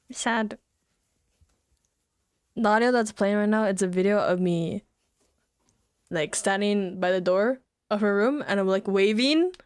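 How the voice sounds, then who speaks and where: Slow, giggly young woman streamer. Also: mid-range voice, smooth, no echo, clean studio sound. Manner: giggly, tender, swears casually. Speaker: VTuber streamer. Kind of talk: casual stream chat.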